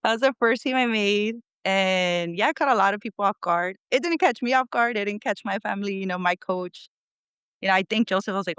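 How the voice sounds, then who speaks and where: Chatty woman guest with a smooth voice. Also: mid-range voice, fairly quick, fairly bright tone, no room sound. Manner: chatty, laughs often, acts out quotes of family and coach. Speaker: podcast guest, former national team athlete. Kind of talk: casual storytelling interview.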